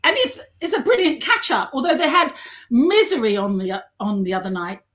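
High-voiced chatty woman. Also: sing-song, a bit bright. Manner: chatty, anecdotal, self-mocking, quick to laugh. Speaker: guest and model. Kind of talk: casual chat.

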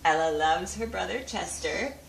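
A woman with a lowish, gravelly voice films her baby's feeding at home, speaking at a moderate pace. She talks to both the baby and the dog in a sing-song baby voice, laughing a lot, in an echoey room with faint noise.

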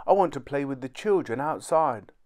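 A man voicing a teeny tiny mischievous boy in a storybook reading, high and excited. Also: moderate pace, lightly acted. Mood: pleading.

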